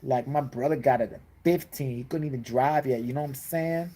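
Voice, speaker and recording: A man's voice: mid-range voice, fairly quick, warm tone, close to an everyday voice. A man voicing a spoiled rich young man posing as a gangster rapper, in a mocking, swaggering slang drawl. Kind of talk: comedic impression in casual chat.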